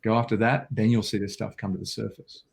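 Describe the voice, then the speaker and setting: Intense Australian man with a low voice. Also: level tone, fast talker, vocal fry. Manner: intense, vivid storytelling with acted-out quotes. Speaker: guest. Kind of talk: interview storytelling.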